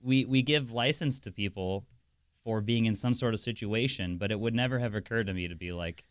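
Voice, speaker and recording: A man's voice: lowish voice, brisk, clean tone, no echo, studio quality. A man from America co-hosting a podcast, telling stories in casual chat and laughing often. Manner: animated storytelling, laughs often. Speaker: podcast co-host.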